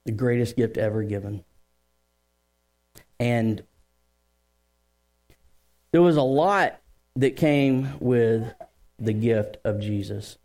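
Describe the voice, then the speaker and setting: Man, pastor, church sermon, joking storyteller, middle pitch, lively crowd work. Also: slow pace, pauses often.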